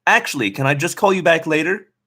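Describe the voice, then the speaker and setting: A man voicing a giggly, distracted teenage girl friend on the phone, in a raised, bright voice. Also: low-pitched, quick pace, pitched above the performer's own voice. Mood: breezy.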